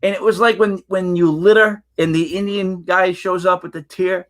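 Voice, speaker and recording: A man with a high voice co-hosts a fantasy football podcast. He tells stories with a lot of life and acts out what people said, in an easy, chatty way. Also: normal speed. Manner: animated storyteller, acts out quotes. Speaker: podcast co-host. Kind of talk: casual sports chat.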